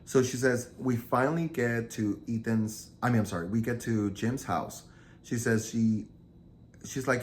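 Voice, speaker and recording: A man's voice: medium pitch, measured pace, a little hiss or hum. A man casually retelling a true crime story, acting out the quoted lines with lots of energy.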